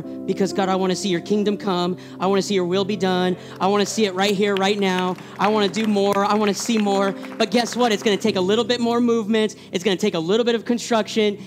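A middle-aged male pastor delivers a sermon in a notably high voice, energetic and fervent, stumbling over and repeating words as he pushes toward emphatic peaks. Faint guitar music plays quietly underneath.

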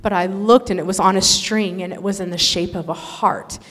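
A woman telling an emotional religious testimony in an earnest, animated storytelling manner. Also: medium pitch, moderate pace. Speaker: speaker sharing a testimony. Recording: echoey hall.

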